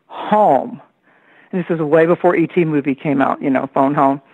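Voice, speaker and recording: A woman's voice: low voice, fast talker, slightly rough, dry recording. A woman from Tennessee, a psychic astrologer guesting on a radio show, telling stories from her childhood and acting out her relatives' voices. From Tennessee, USA. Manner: lively storyteller who acts out the voices of relatives. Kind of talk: personal storytelling on a call-in radio show. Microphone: telephone. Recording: dry, tinny phone line.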